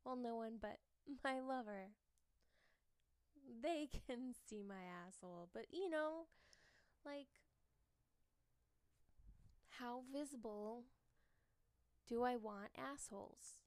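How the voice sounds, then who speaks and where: A woman's voice: fairly high pitch, slow pace, pauses often, a little mellow, clear, resonant tone, no room sound. A young woman hosting a podcast, chatting casually in a rambling way with frequent giggles, fillers and restarts. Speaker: podcast host. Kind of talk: casual chat.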